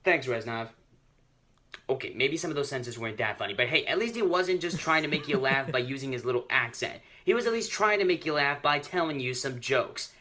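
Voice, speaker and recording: Teen male critic, exasperated rants, bright and animated delivery. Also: mid-range voice, brisk, soft background music. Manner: exasperated, ranting. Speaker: online critic. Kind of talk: comedic review rant. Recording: webcam mic at home.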